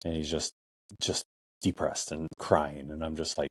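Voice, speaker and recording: A man's voice: low voice, fairly even intonation, quick pace, no echo, clean studio sound. A middle-aged man hosting a podcast, telling a personal story in a casual, rambling way full of "I'm like" and "or whatever". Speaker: podcast host.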